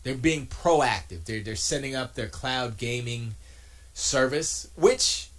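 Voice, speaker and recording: A man streaming from his home studio, chatting casually and answering his chat, joking and arguing in an animated way. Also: mid-range voice, slow pace.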